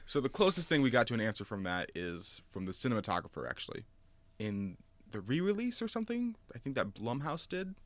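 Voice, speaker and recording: A man's voice: mid-range voice, brisk, no echo. A man co-hosting a casual movie chat, retelling scenes with lots of fillers and laughs. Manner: animated storytelling, frequent laughs and fillers. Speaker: podcast co-host.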